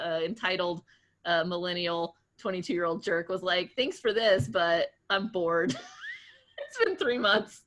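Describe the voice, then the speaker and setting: A woman in her late thirties talks as an interview guest, her bright, forceful voice set a little low for a woman. She tells her stories in an animated, chatty rush, laughing often and restarting sentences as she goes. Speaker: guest entrepreneur. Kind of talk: casual interview storytelling.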